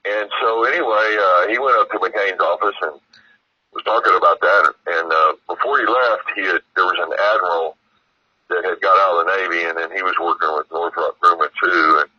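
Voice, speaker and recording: A man's voice: low-pitched, normal speed, slightly rough, no room sound, lo-fi sound. A man guest telling a long, meandering story, full of fillers and asides. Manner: meandering, heavy on fillers and "you know". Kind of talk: rambling storytelling.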